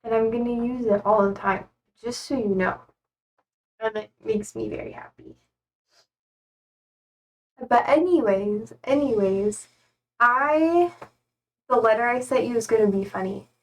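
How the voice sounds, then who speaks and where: A woman's voice: fairly high pitch, unhurried, long pauses. A young woman chatting casually on a live stream, rambling and emotional, often close to tears. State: tearful, trying not to cry. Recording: speaking from a distance to the mic.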